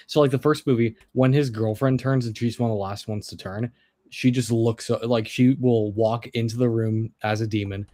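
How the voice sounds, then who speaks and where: A man's voice: medium pitch, fairly even intonation, normal speed, warm tone, no echo, studio quality. A man co-hosting a stream, talking casually and rambling with laughs. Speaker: stream co-host. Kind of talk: casual chat.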